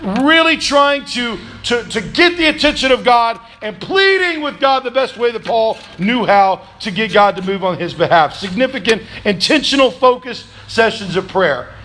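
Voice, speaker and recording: A man pastor preaching a sermon in a church, calling for answers from the congregation, swinging between loud, shouted pleas and low, quiet reflection. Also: animated, moderate pace, hardly any pauses, a little hiss or hum. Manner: preaching with call-and-response, rising to shouts then dropping low. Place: church sanctuary.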